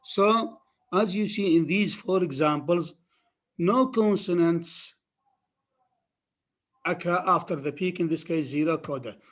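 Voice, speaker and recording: A man's voice: fairly high pitch, a little slow, pauses often. A man with an Arabic accent giving a phonetics lecture, repeating key terms emphatically for students. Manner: repetitive, emphatic teaching with many restarts.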